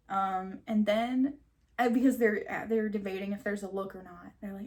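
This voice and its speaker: Woman vlogger, mid-pitch voice, casual halting commentary with lots of ums. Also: steady tone, a little mellow. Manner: chatty, hesitant with frequent ums and light laughs. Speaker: video creator.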